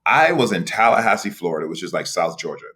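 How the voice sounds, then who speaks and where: A man in his forties from New York, a podcast guest telling his career story in an animated way, with many restarts and a repeated "right?". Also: deep voice, fast talker. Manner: animated, frequent laughs and restarts, rhetorical "right?". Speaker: podcast guest, executive director. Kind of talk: storytelling interview.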